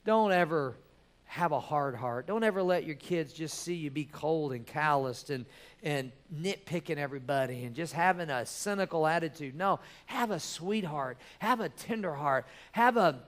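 A middle-aged man preaching a sermon as pastor, swinging from hushed storytelling to loud, animated exhortation. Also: fairly high pitch, moderate pace.

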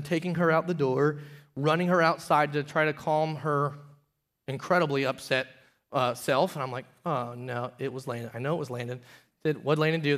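Storytelling pastor with lively swings. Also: male voice, on the high side. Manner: storytelling, swings from loud emphatic peaks to quiet hushed confession. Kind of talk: sermon.

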